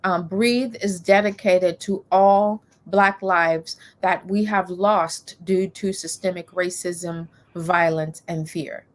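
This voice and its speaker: A woman's voice: lowish voice, steady tone. A woman soprano and composer talking about her songwriting in a casual interview, thoughtful and a little hesitant. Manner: slow, thoughtful, with small hesitations.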